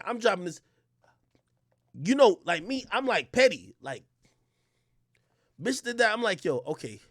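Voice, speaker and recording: Male streamer, high bright voice, swings wild, dry close sound, profane storyteller. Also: dry recording. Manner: profane, animated, shouts at peaks. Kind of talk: casual storytelling rant.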